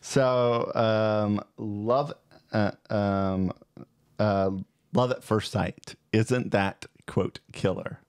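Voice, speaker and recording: A man's voice: lowish voice, steady tone, very slow, darkish tone, no echo, studio quality. A man co-hosting a casual movie review chat, rambling and hesitant with many fillers and restarts. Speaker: podcast co-host.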